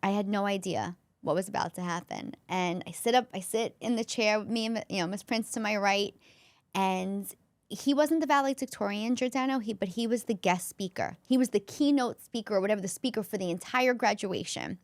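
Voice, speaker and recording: A woman's voice: mid-range voice, brisk, dry recording. A woman, a comedian and former school counselor, telling a personal story as a podcast guest in an earnest, emotional way, often restarting her sentences.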